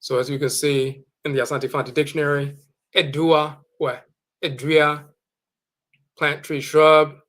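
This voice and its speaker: A man with a slightly higher voice gives a measured teaching talk. He carefully sounds out foreign words and repeats them for his listeners. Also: level tone, a bit bright. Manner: slow, deliberate, repeating words for emphasis. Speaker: teacher of Akan spiritual tradition. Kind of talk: explanatory lecture with dictionary readings.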